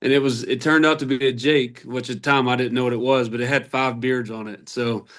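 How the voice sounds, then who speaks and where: Fairly quick and medium in pitch, this Arkansas turkey hunter guests on a podcast, spinning long, rambling, animated hunting anecdotes in a casual storytelling mode.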